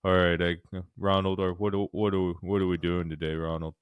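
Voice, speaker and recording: A man's voice: sits low, flat delivery, a little fast, smooth, dry recording, narrow, tinny audio, voice pushed down, natural voice. A man voicing a dim, passive young male sidekick who mumbles in a resigned way.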